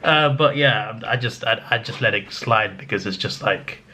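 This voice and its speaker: A man's voice: fairly low pitch, moderate pace, sharp tone, a little hiss or hum. A young man from England, telling a travel story in a chatty, laughing way with stammered restarts. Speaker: vlogger. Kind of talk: casual storytelling.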